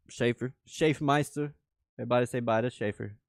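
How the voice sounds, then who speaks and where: Laid-back deep-voiced male streamer. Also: unhurried, a little mellow, dry recording, studio quality. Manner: rambling, chatty, often laughing, talks to viewers. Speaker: crypto trading livestreamer. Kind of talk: casual livestream chat.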